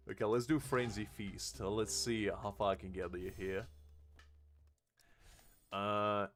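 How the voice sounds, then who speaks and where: A man's voice: on the low side, fairly even intonation, measured pace, long pauses, faint music behind. Chatty young male game streamer. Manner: chatty, laughs often, answers chat messages. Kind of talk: casual live-stream chat.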